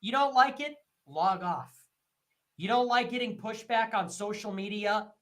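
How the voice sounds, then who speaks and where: A man's voice: measured pace, fairly bright tone. A man hosting a livestream, ranting in heated, profane commentary and repeating his points. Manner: mocks others in shrill put-on voices. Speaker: livestream host.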